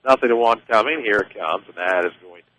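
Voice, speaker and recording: A man's voice: lowish voice, fast, low-quality recording. Easygoing man calling baseball on radio. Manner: easygoing, chatty, excited on big plays. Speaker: play-by-play announcer.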